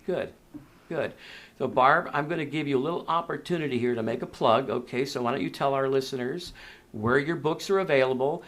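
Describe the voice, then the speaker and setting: A man's voice: mid-range voice, a little fast, a bit bright. A middle-aged man hosting a casual interview podcast in a library conference room, chatty and affirming. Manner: chatty, folksy, affirming with short replies. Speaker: podcast host.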